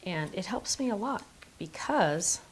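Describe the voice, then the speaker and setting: A woman's voice: medium pitch, animated, a little slow, a little hiss or hum. A middle-aged woman hosting a card-making tutorial, chatty and enthusiastic, gushing over her supplies. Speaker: craft video host.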